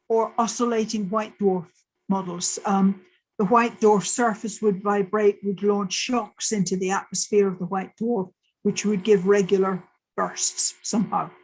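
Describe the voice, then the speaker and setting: A woman's voice: mid-range voice, darkish tone, breathy edge, poor audio. An older woman astrophysicist giving a lecture, telling the story in a vivid present tense and explaining plainly. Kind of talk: lecture told as a personal story.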